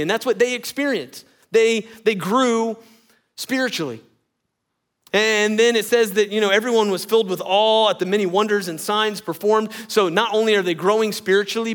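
A pastor preaching a sermon in a conversational, animated way, with teasing asides. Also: male voice, sits high.

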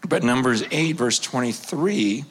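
A man in his fifties preaching a sermon, telling a personal story with passion, swinging from loud urgency to hushed quiet. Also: medium pitch, expressive, a little slow, slightly rough.

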